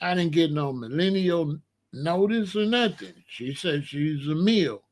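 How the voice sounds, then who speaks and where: A man's voice: fairly high pitch, measured pace. Incredulous older man telling stories. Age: 60s. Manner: animated, incredulous storytelling with laughs. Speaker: comedic host. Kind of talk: rambling comedic monologue.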